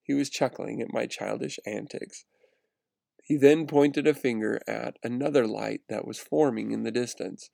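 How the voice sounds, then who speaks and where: A man narrating a first-person story aloud in an earnest, steady reading with small restarts. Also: mid-range voice, moderate pace, creaky, dry recording.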